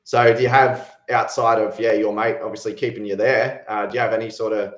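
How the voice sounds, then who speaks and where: A man hosting as a fitness coach, asking questions in a relaxed, halting way with fillers. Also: fairly low pitch. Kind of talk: casual interview questions. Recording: echoey room.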